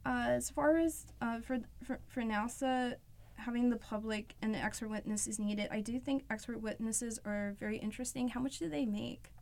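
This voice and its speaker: A woman's voice: a little high, normal speed, gravelly, a little mellow. Young woman, student, casual discussion, hesitant, filler-heavy speech. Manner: hesitant, many fillers like "like" and "kinda".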